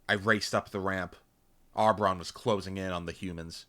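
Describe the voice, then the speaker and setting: A man narrating an action-packed novel in first person, intense and punchy, voicing loud sound effects. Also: deep voice, fairly even intonation, normal speed. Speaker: audiobook reader.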